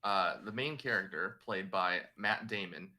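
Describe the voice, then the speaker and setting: A man guesting on a podcast, his voice lowish in pitch but very bright and sharp in tone. He works through an improvised story hesitantly, pausing often on fillers.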